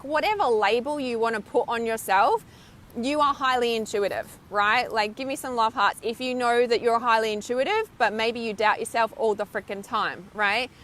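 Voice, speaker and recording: High-voiced, animated woman on a live stream. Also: normal speed. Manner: animated and chatty, frequent "right?" and laughs; emphatic, swears casually. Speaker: intuitive healer and mentor. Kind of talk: live stream talk to viewers. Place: outdoors, windy beach.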